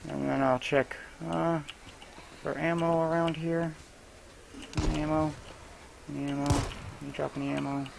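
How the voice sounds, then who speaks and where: A man streaming his own gameplay, talking casually to a teammate in a loose, chatty way and giving quick instructions. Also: a little high, little pitch movement, gravelly, noisy background.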